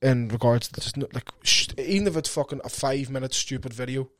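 A man co-hosting a podcast, talking in a rambling, animated way and swearing casually. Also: mid-range voice, fast, no echo. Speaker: podcast co-host. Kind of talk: casual chat. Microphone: podcast mic.

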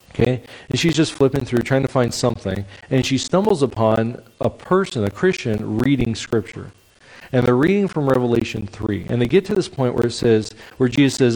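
A man preaching a sermon in a lively, conversational way, checking in with the congregation. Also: medium pitch, low-quality recording. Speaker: pastor.

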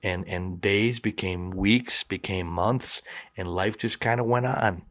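A man's voice: low voice, takes it slowly, a bit bright, dry recording, clean studio sound. A man telling a personal story in conversation, acting out both sides of the dialogue.

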